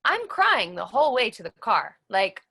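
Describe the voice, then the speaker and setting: A woman's voice: fairly high pitch, sing-song, normal speed, vocal fry, bright, forceful tone, slightly rough. A woman giving an earnest personal testimony in an interview, telling her story emphatically and repeating phrases for weight. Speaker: cancer survivor guest.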